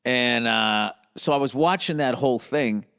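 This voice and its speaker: A man's voice: medium pitch, unhurried, fairly bright tone, smooth. A man hosting a solo podcast, rambling in a profane, blunt way and often slipping into mocking voices. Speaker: podcast host.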